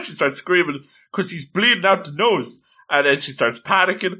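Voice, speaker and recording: A man's voice: medium pitch, lively intonation, a little fast, hardly any pauses, bright, forceful tone. A man casually recapping a story with playful, jokey asides.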